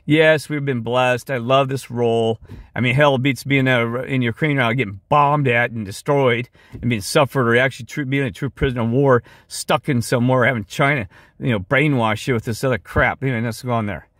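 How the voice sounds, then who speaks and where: A man's voice: mid-range voice, fairly even intonation, a little fast, a bit bright, no echo, studio quality. A man talking through a rambling, impassioned video monologue, tired and going off track, then walking through a shared screen. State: weary. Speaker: video creator.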